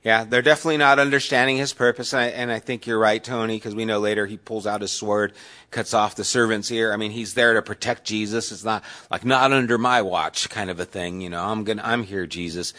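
A man's voice: lowish voice, fairly even intonation, fast, bright, forceful tone. A man teaching a Bible study class in a conversational way, putting questions to the group.

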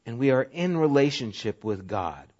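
A male pastor preaching a sermon in a casual, conversational way, sometimes dropping to a soft, low voice for emphasis. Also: sing-song, moderate pace. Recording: dull lo-fi audio.

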